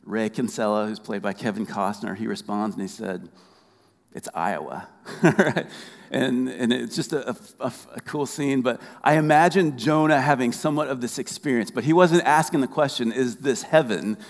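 A man delivers a sermon in an easy, conversational way, tossing in light humor. When he reads scripture he slows down and lingers on the words. His voice rings out with the long reverb of a large hall. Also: mid-range voice, fairly even intonation, gravelly. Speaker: pastor.

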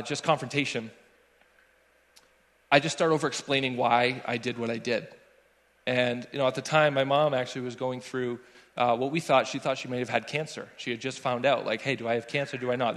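Man preaching in a reverberant church. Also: mid-range voice. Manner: animated storyteller acting out dialogue. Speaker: worship leader preaching. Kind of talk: sermon with personal story. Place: church sanctuary. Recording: long church hall reverb.

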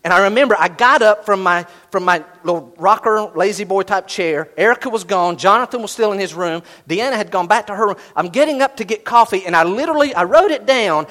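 A middle-aged man preaching a sermon, animated, swinging from loud bursts to hushed asides. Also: sits high, brisk, hardly any pauses. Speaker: pastor.

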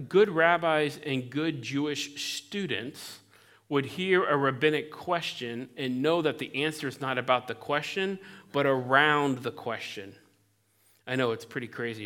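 A man preaching a sermon as pastor, conversational and animated, acting out the voices of people in the story he tells. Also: medium pitch. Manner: animated, conversational, acts out voices in Bible quotes.

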